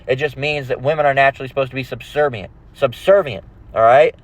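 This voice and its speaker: A man's voice: medium pitch, quick pace. A man hosting a religious channel, ranting aggressively and profanely, constantly asking "all right?". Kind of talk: ranting monologue.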